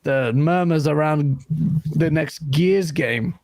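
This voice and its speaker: A man hosting a casual gaming livestream panel, voice gone hoarse, blunt and swearing, laughing often and reading out super chats. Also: on the high side, slow pace, darkish tone, dry recording. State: lost voice. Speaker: livestream host.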